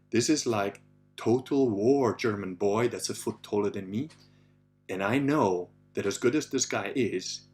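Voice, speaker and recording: Swearing man telling a vivid story. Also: lowish voice. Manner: swears freely, acts out his own thoughts in bursts. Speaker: speaker. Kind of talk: animated storytelling.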